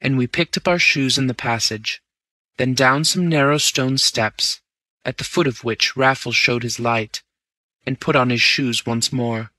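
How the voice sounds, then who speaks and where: A man narrating a story in the first person, reading in a steady, measured way. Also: medium pitch, dry recording. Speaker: audiobook narrator.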